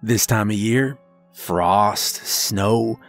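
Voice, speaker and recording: A man voicing a grizzled old trucker who gives slow, folksy, crude warnings at a diner counter in a horror story. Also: fairly low pitch, fairly bright tone, soft background music.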